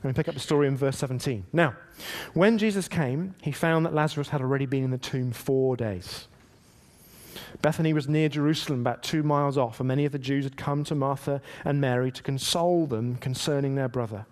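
A pastor with a mid-range voice preaches a sermon at a fairly quick pace, reading scripture aloud. His delivery is animated and emphatic, and he acts out quotes dramatically with rising emphasis.

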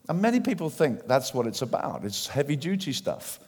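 A man preaching a sermon in church, animated and acting out the voices of people he quotes. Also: medium pitch, a little fast, breathy edge. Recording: long hall reverb.

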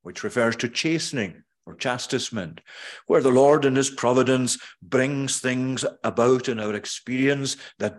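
Delivering his sermon at a measured pace, a pastor with a mid-range male voice takes frequent pauses. When he reaches scripture quotations, he slows further and gives them emphasis.

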